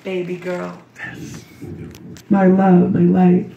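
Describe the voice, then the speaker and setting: A hoarse woman with a cold gives a rambling, emotional memorial tribute to her daughter. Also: on the low side, monotone, takes it slowly, slight background noise. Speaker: grieving mother giving a memorial tribute. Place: memorial service room. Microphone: recorded from a distance by someone in the room. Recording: dull, roomy, distant recording.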